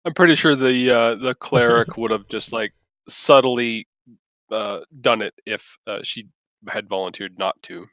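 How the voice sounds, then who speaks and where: A man's voice: mid-range voice, unhurried, fairly bright tone, dry recording. A man running a tabletop game as game master, hesitant and full of fillers.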